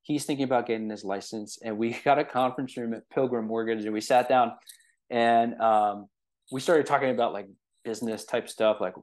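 A man's voice: medium pitch, fairly even intonation, moderate pace, darkish tone. A man leading a real estate training in a casual, conversational way, often checking in with the listeners. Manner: conversational, with frequent fillers and rhetorical "right?".

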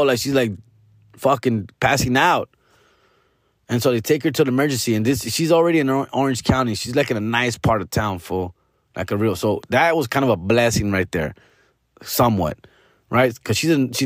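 A man's voice: medium pitch, fairly bright tone, dry recording, clean studio sound. A male comedian hosting a podcast, telling a story in a rambling, profane way, peppering it with Spanish slang. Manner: rambling, restarts often.

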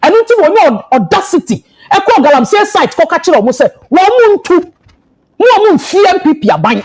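A woman's voice: very high voice, very animated, moderate pace, darkish tone, low-quality recording. A Ghanaian woman who is a party executive, arguing emphatically in a heated TV panel debate. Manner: impassioned, argumentative, emphatic. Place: TV studio.

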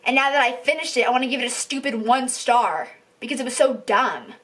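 A woman vlogger ranting about a book she hated, exasperated and repeating herself, swinging between loud outbursts and muttering. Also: a little high, brisk. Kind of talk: ranting book review vlog.

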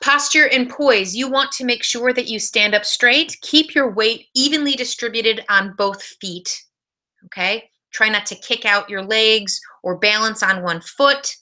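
A woman's voice: fairly high pitch, unhurried, pushed and bright. A woman teaching a college speech class in a recorded video lecture, giving direct practical tips.

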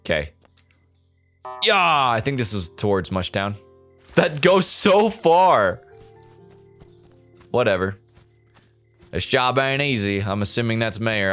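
A man's voice: on the low side, very animated, takes it slowly, pauses often, a bit bright, soft background music. A man casually commenting on his gameplay, joking and talking to the characters on screen. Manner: jokey, talks to game characters. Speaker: let's play gamer.

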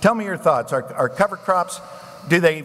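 A fairly high-voiced man leads a panel at a conference and tells stories with lively jumps in pitch. His voice rings with the long reverb of a large session hall. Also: normal speed. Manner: animated storyteller, pitch jumps up and down. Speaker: panel moderator and farm researcher.

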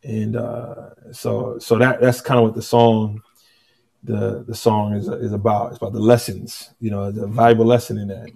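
Animated man telling a story. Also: fairly low pitch, moderate pace, vocal fry. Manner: animated, restarts often, acts out dialogue. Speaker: guest musician. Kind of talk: conversational storytelling.

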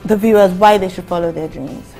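A woman hosting a talk show, speaking in a measured way as she guides and wraps up. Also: on the low side, dark tone, faint music behind.

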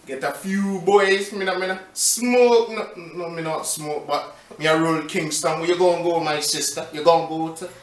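A man's voice: a little high, normal speed, natural voice. A man putting on a drawling mock Jamaican accent. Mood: playful. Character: laid-back Jamaican man, joking impression. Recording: echoey room from a distance.

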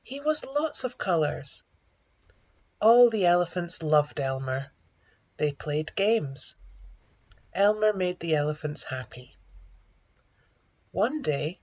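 A woman slowly reading a simplified children's story for English learners, clear and expressive. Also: highs cut off. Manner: slow, clear, animated with high character greetings.

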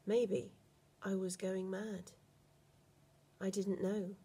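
A woman reading a first-person story aloud at a steady, measured pace. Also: mid-range voice, husky.

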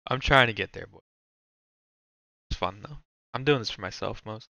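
A man's voice: fairly low pitch, unhurried, vocal fry, pushed and bright, no room sound, lo-fi sound. A man talking to himself as he ranks movies, rambling and swearing in casual commentary. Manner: rambling, swearing, self-talk. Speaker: movie ranking streamer. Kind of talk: casual thinking-aloud commentary.

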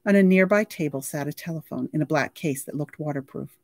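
Woman reading a children's novel aloud, low voice, steady, dry close recording. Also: a little fast, no room sound. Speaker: library reader.

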